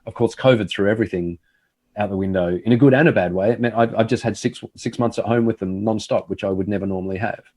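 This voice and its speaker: A man's voice: on the low side, fast talker, a little mellow, slightly rough. A middle-aged man, a TV host, telling a reflective story in casual conversation.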